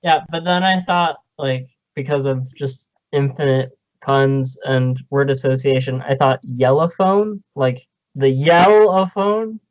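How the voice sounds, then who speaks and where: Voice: mid-range voice, fairly even intonation, slow, few pauses, no room sound. A podcast co-host chats casually, spinning jokes out of puns and laughing often. The voice sits mid-range, and the recording sounds a little dull. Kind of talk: casual chat.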